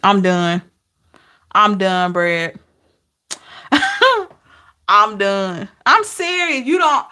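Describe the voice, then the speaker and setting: A woman tarot reader chatting casually with her live-stream viewers, laughing and talking back to them by name, with drawn-out, disbelieving exclamations. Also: sits high, sharp tone.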